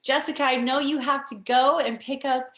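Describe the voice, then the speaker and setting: A woman's voice: high voice, fairly even intonation, normal speed, a bit bright. A woman hosting an interview, gushing with effusive praise as she thanks a guest and asks questions. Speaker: interview host. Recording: echoey room.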